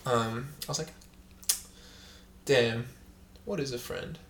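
A man co-hosting a podcast in casual chat, rambling and joking, with a loud fake laugh. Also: medium pitch, slow, echoey room, slight background noise. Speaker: podcast co-host.

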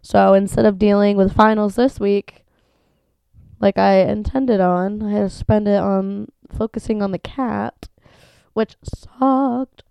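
This young woman takes it slowly in a mid-range voice that's gravelly yet smooth, recorded with no room sound. Hosting a casual solo podcast from home, she tells a lively story, voicing the people in it and swearing at times, while sneezy from allergies.

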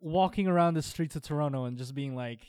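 A young man co-hosting a podcast, slangy and quick to laugh in casual chat. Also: a little high, clean tone, no room sound. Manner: laughs often, animated, slangy. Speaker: podcast co-host.

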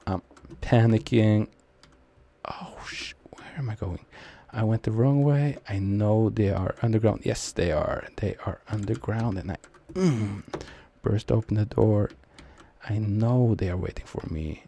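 Slow, mellow Norwegian-accented young man. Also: a little hiss or hum. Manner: rambling, low-key, self-mocking. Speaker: gamer commenting on his match. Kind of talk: casual gameplay commentary.

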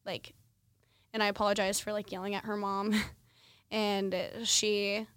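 A woman's voice: medium pitch, completely flat delivery, moderate pace, a bit bright, clean tone, dry recording. A young woman in her twenties hosting a podcast, telling a personal story in a candid, conversational way with lots of fillers. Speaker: podcast host.

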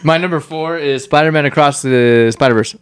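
A man's voice: a little high, a little fast, clean tone, dry recording. A young man co-hosting a casual chat, joking irreverently and laughing often. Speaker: podcast co-host.

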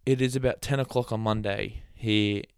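Low, smooth-voiced man hosting a podcast. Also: fairly even intonation, normal speed, dry recording. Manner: rambling, chatty, laughs at his own jokes; sarcastic asides. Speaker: podcast host. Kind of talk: casual solo podcast chat.

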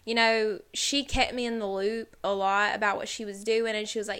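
Bright-voiced woman telling stories. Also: medium pitch, level tone, fairly quick, hardly any pauses, clean tone. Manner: rambling storyteller, heavy use of "like". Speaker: podcast co-host. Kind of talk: casual podcast chat.

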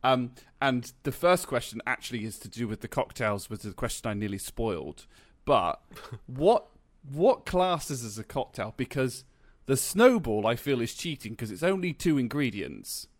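A man's voice: medium pitch, big pitch swings, normal speed, hardly any pauses, dry recording. A man co-hosting a podcast, chatting casually, laughing easily and often restarting his sentences. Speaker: podcast co-host. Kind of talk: casual chat.

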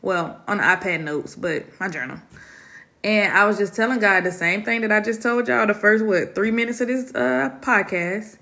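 A woman's voice: medium pitch, normal speed, gravelly, bright, forceful tone. A woman hosting a solo podcast from her dining room, talking candidly and heartfelt to her listeners. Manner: heartfelt, confiding, addresses listeners as y'all. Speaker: podcast host.

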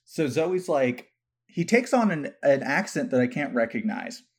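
A man speaking at an ordinary mid pitch, co-hosting a casual podcast chat. He lays out his points step by step and adds a dry, sarcastic edge. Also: big pitch swings, a little slow, husky. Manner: explanatory, dryly sarcastic. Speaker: podcast co-host.

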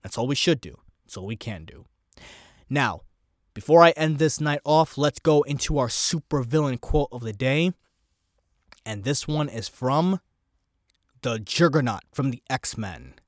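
A man hosting his own solo podcast, rambling and animated as he thinks aloud about a show. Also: medium pitch, measured pace, pauses often, no room sound, clean studio sound. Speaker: podcast host. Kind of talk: casual solo podcast commentary.

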